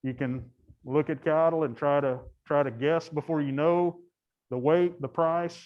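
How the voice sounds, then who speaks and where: A man's voice: a little high, fairly even intonation, a little slow, highs cut off. A man casually commenting while he watches cattle, chatty, laughing often and breaking off his sentences. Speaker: guide.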